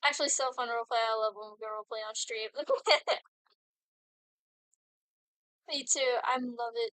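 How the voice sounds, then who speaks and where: Young woman streamer, high and bright, rambling happily while gaming, dry close sound. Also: a little slow, smooth, dry recording, rough recording. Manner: giddy, rambling, talks to herself while playing. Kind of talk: casual gaming stream chat.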